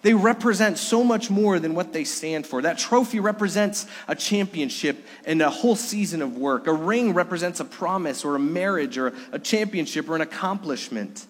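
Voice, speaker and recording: A middle-aged male pastor preaching a Sunday sermon in a church, earnest, moving between loud emphasis and hushed, soft lines. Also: high-pitched, normal speed, few pauses. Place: church sanctuary during a Sunday service. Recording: echoey sanctuary reverb.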